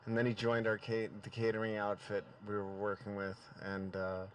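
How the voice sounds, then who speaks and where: A man giving a halting, hesitant remembrance at a memorial gathering. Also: lowish voice, monotone, smooth, no room sound. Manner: hesitant, many fillers and restarts. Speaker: memorial speaker. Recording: far from the mic.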